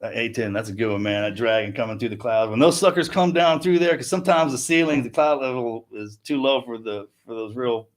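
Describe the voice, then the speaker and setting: A man's voice: mid-range voice, steady tone, brisk, few pauses. A man co-hosting a casual live-stream chat, telling stories in a laid-back way and restarting his words as he goes. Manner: storytelling, laid-back, repeats words as he starts. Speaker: podcast co-host.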